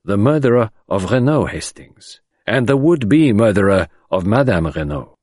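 A man voicing a fastidious elderly detective who speaks in a clipped, formal way with French touches. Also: on the low side, animated, darkish tone, no room sound, studio quality. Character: fastidious elderly male detective, polite and sharp.

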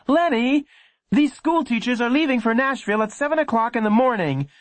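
A man's voice: very high-pitched, animated, brisk, no room sound, voice pushed up. A man voicing an impatient mother calling out. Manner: sharp, calling out. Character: impatient mother running a motel.

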